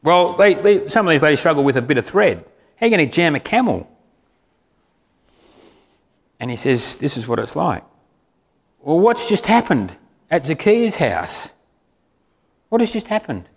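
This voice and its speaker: A man's voice: a little high, sing-song, moderate pace, long pauses. A man preaching a sermon in a conversational way, asking the congregation questions. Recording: reverberant hall.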